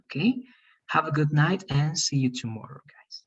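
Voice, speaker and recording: Husky man teaching over a dull line. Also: on the high side, moderate pace. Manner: repetitive, checks in with "all right?". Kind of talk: online class instructions.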